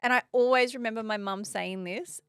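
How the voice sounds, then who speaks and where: Playful high-voiced woman podcast host. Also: a little fast, smooth, dry recording. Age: 30s. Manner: playful, animated, laughs often. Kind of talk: casual chat.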